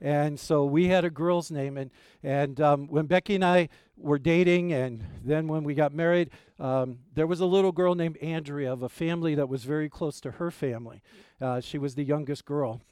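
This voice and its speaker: Male pastor, middle-aged, higher voice, smooth tone, dry close sound, folksy sermon storytelling. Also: moderate pace, a little mellow, dry recording. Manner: folksy storytelling with many fillers and restarts.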